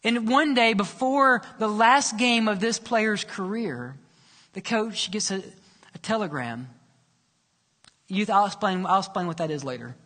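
A male pastor preaching and telling a story, dramatic, dropping soft and low for quoted lines. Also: measured pace. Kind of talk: sermon storytelling. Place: church sanctuary. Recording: long church reverb.

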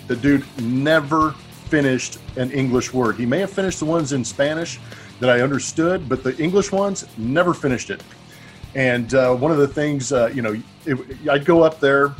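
A middle-aged man co-hosting a podcast, telling rambling, chatty stories from his playing days. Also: mid-range voice. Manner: chatty, rambling anecdotes with restarts. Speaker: podcast co-host, former ballplayer. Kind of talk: casual storytelling chat.

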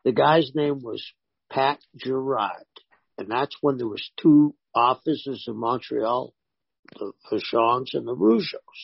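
A man, a former pro wrestler, telling animated stories in a casual interview and voicing the people in them. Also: mid-range voice, slow, gravelly, slightly rough, dry recording, dull audio. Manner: animated anecdotes with voiced quotes.

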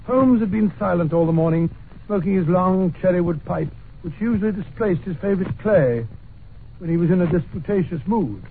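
An actor playing a good-natured doctor who narrates in a 1940s radio drama, talking in an earnest, mildly exasperated way. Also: male voice, high-pitched, animated, moderate pace. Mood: narrating. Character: good-natured doctor, loyal male companion, middle-aged. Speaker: narrator of the story. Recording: scratchy lo-fi old radio broadcast.

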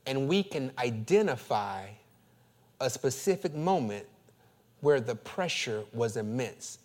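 A male pastor preaching a sermon, swinging from calm teaching to loud, high, laughing bursts, repeating phrases as he builds. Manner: repeats phrases and restarts when fired up.

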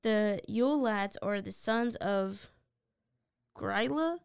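A woman's voice: mid-range voice, slow pace, creaky, smooth, dry recording. A woman co-hosting a podcast, reading facts from notes and answering with dry, blunt quips. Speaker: podcast co-host. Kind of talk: casual chat, reading notes.

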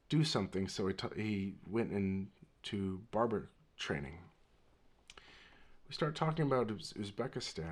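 A man hosting his own podcast, telling a story in a rambling, animated way and laughing readily. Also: on the low side. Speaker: podcast host. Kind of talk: casual storytelling monologue.

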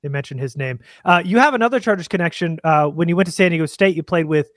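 A man with a high voice and a very fast pace co-hosts a casual interview. He chats eagerly like a fan and asks follow-up questions. His voice sounds dry and close. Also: a bit bright, no echo. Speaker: podcast co-host.

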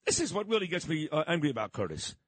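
A man's voice: fairly high pitch, very animated, fast talker, husky, dry recording. A man hosting a talk show, teasing and blunt in casual chat. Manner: brash, teasing, blunt and profane. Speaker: radio talk show host.

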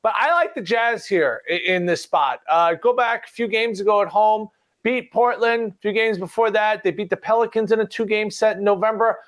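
High-voiced animated man. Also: moderate pace. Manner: animated, self-deprecating storytelling. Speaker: sports betting analyst. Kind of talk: casual panel chat.

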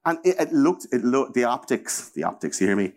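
A man's voice: medium pitch, a little fast. An Irish man in his thirties talking casually as a podcast host, rambling and swearing freely. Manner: rambling, profane, animated. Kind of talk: casual chat.

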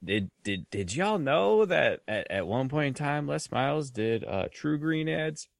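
A man's voice: medium pitch, lively intonation, a little slow, vocal fry, no echo, studio quality. A man co-hosting a casual sports podcast, telling stories in a laid-back drawl. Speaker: podcast co-host.

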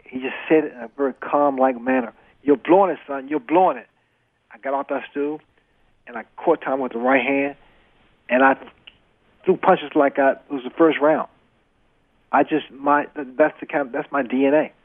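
A man's voice: mid-range voice, fairly even intonation, normal speed, dry recording. A retired boxer, a man, telling stories as a guest in an earnest way and repeating phrases for emphasis. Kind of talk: interview storytelling. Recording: dry tinny phone line.

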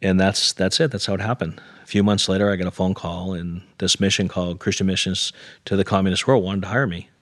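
A man's voice: low-pitched, steady tone, fast, dry recording, studio quality. A middle-aged man, an interview guest, telling a personal story earnestly and with self-deprecating humor, acting out the dialogue. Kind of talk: conversational storytelling.

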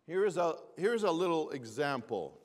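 A man's voice: fairly high pitch, darkish tone. An older man telling a humorous personal story to a gathering, often repeating his phrases and asking the audience to answer back. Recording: long reverb of a large hall.

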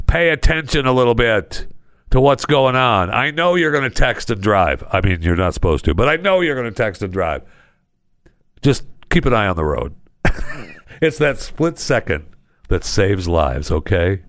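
A male talk radio host spins anecdotes in a low, gravelly voice that swings widely in pitch. He chuckles as he goes, and the sound is dry and close to the mic. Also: no echo. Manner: animated storytelling, chuckling.

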